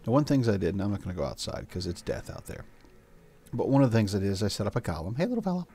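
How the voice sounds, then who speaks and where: An older man hosting a gameplay video talks fast in a lowish, dark, expressive voice. He chats and rambles through casual let's-play commentary and coos at his pets, over slight background noise and faint music.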